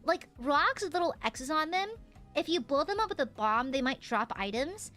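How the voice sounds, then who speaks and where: A woman streamer in casual livestream chat, reading donations with melodramatic mock suffering and yelling at her chat. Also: high-pitched, lively intonation, normal speed, soft background music.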